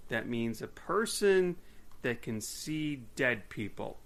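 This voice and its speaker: A man's voice: mid-range voice, expressive, slow. A man in his forties co-hosting a podcast, chatting casually and rambling with lots of ums and laughter. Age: 40s. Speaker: podcast co-host. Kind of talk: casual chat.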